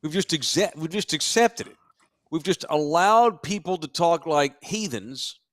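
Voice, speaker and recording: A man's voice: on the high side, animated, a little slow, a bit bright, dry recording. A middle-aged man co-hosting a podcast and ranting with exasperation about teaching, emphatic and profane in casual banter, recorded on a close studio mic. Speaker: podcast co-host and high school history teacher. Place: podcast studio in a sports bar.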